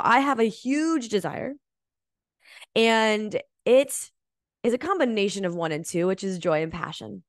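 A woman hosting a motivational energy-healing podcast, speaking earnestly and emphatically, swearing casually and slowing down to stress key words. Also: mid-range voice, no room sound, clean studio sound. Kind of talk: motivational coaching monologue.

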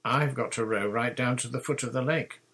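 A man's voice: mid-range voice, normal speed, fairly bright tone, breathy edge, pitched above the performer's own voice. A man reading a storybook, voicing a big village policeman who starts stern and turns sheepish and pleading. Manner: flustered, deferential, pleading.

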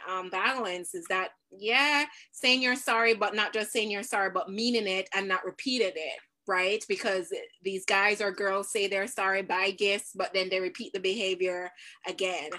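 A middle-aged woman hosting a live discussion, animated and laughing often as she talks to parents and viewers. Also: medium pitch. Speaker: host.

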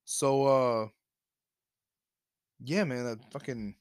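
A man's voice: mid-range voice, drawn-out words, smooth, no room sound, studio quality. Profane man telling a story. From Alabama, US. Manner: profane, animated anecdote-telling with laughs. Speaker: podcast host. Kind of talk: casual storytelling.

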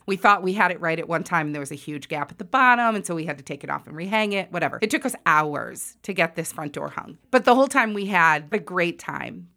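Woman in her forties, low-ish voice, loud and sassy storyteller, self-mocking asides. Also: expressive, fairly quick, hardly any pauses. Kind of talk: personal story told to an audience.

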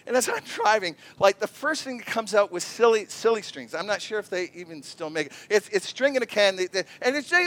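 Animated high-voiced male pastor. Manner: animated storytelling, acts out voices. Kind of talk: sermon.

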